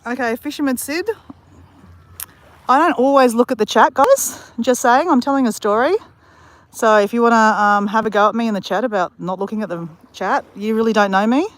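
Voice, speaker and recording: A woman's voice: on the high side, brisk. A woman hosting a casual livestream from outdoors near a beach, telling rambling stories and talking straight to her viewers. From Australia. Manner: rambling, storytelling, addresses her chat viewers directly. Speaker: livestream host. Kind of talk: casual live-stream chat.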